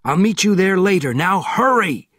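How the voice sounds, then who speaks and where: A man's voice: high voice, lively intonation, moderate pace, a bit bright, no echo, clean studio sound, voice pushed up. A man voicing an anxious middle-aged former spy with a limp, giving urgent commands in a storybook reading.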